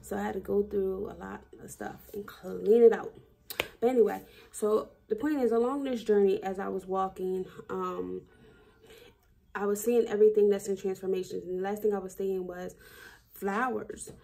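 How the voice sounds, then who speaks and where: A woman's voice: medium pitch, fairly even intonation, moderate pace, creaky, mellow. A woman talking through a personal daily video diary in a reflective, rambling way, with many fillers and restarts. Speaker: vlogger.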